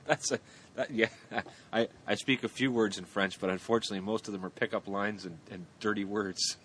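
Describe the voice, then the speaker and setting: A man's voice: fairly low pitch, fairly even intonation, fairly quick, a bit bright, a little hiss or hum. A man co-hosting a casual chat who jokes around and also asks pointed questions. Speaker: podcast co-host.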